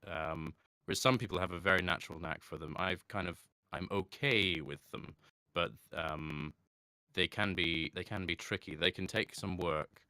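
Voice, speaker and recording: A man, a voice actor chatting in an interview, reflective and quick to laugh. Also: deep voice, bright, forceful tone, smooth, dry recording, studio quality. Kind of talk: casual interview talk.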